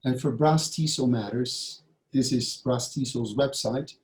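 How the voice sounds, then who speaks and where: A Brazilian man presents to teachers over a video call, his voice mellow and mid-pitched. He speaks with emphasis and keeps checking in with a quick "yeah?". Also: poor audio. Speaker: teacher trainer giving a conference talk. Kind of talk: online conference presentation.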